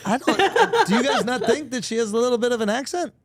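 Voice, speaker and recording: Wildly animated man, teasing guest. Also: extremely high pitch, no room sound. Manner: teasing, animated, quick to joke. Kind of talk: casual chat.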